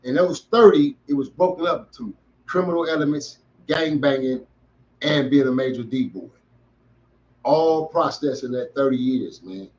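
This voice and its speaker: A man's voice: mid-range voice, normal speed, highs cut off. A middle-aged man hosting a podcast, giving an emphatic motivational talk to young listeners in heavy street slang. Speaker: podcast host.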